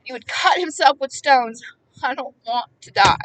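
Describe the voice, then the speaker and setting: A woman giving impassioned Bible commentary, emphatic and repetitive, swinging between hushed words and loud ones. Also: high-pitched, animated, moderate pace, far from the mic, rough recording. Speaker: preacher.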